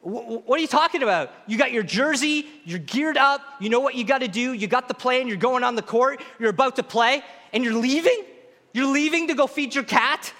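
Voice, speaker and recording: A man's voice: very high voice, a bit bright, long reverb tail, voice pushed up. A man voicing an exasperated basketball coach who fires off urgent questions. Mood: incredulous. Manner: urgent rapid-fire questions.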